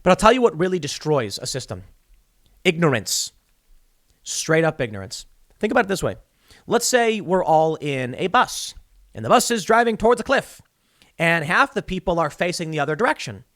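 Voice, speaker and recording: A man's voice: fairly high pitch, big pitch swings, normal speed, a bit bright, no room sound, clean studio sound. A man hosting a podcast, delivering solo political commentary in an emphatic, argumentative way, building long analogies to make his point. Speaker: podcast host.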